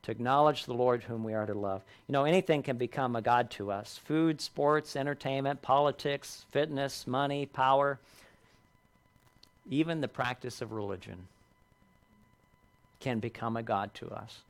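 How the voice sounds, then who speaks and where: Homem pregando um sermão com ênfase sincera. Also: male voice, medium pitch, normal speed. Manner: earnest, rising in emphasis and dropping softly on key lines. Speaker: pastor. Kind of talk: sermon.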